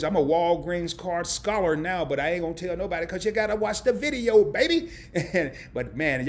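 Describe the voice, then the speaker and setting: Slight background noise accompanies a high male voice. The speaker, a middle-aged man from small-town Arkansas, is hosting a live stream indoors under camera lights, chatting in a joking, rambling way.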